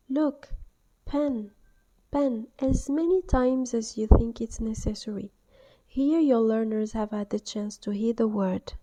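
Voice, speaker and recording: Woman teaching, dark mellow voice. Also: a little high. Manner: clear, deliberate, exaggerates classroom model phrases. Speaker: English teacher trainer. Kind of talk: instructional voice-over.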